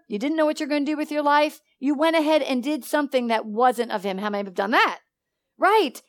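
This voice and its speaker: A woman preaching a sermon, asking the congregation call-and-response questions and rising in emphasis on key points. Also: a little high.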